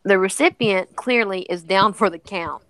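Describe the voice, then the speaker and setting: A woman's voice: medium pitch, moderate pace, fairly bright tone, dry recording, low-quality recording. Heated woman ranting and reading the news. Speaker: co-host. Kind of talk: casual chat, reading a news article aloud.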